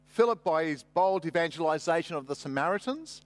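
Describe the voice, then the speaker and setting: A man's voice: a little high, lively intonation, fairly quick, no echo. A man preaching a sermon, conversational with humorous asides. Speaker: pastor.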